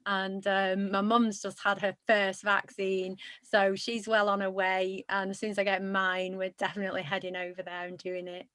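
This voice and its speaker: A woman speaks on a video call in a strikingly flat, level tone. The sound is dry and close. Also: mid-range voice, normal speed, few pauses, smooth, no room sound. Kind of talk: casual video-call chat.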